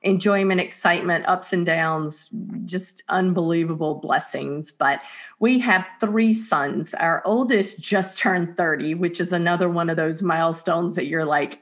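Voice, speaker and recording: A woman's voice: fairly low pitch, a little slow. A woman in her fifties from North Carolina with a Southern accent, telling stories as a guest in a casual interview. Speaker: guest speaker and writer.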